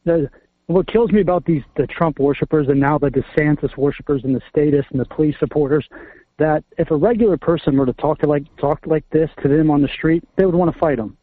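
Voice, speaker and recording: A man's voice: a little high, quick pace, dry recording. A man calling in to a talk show, talking bluntly and with exasperation, cursing now and then. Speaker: caller. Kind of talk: casual chat. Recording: tinny phone line.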